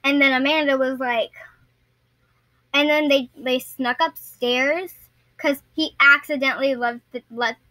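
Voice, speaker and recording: A woman's voice: high voice, fairly even intonation, unhurried, bright, forceful tone, no echo, rough recording. A young woman vlogger telling a story casually to her viewers, rambling and often stumbling and restarting her sentences.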